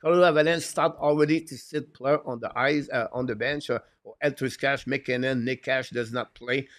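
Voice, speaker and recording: Halting man hosting hockey talk. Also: medium pitch, steady tone. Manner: halting, full of "uh" fillers; broken, non-native English phrasing. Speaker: live show host. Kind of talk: live-stream hockey talk, reading viewer comments.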